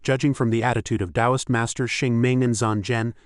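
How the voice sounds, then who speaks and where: A man voicing a timid young male martial artist who talks anxiously and low. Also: steady tone, brisk, close to an everyday voice. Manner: anxious, hushed.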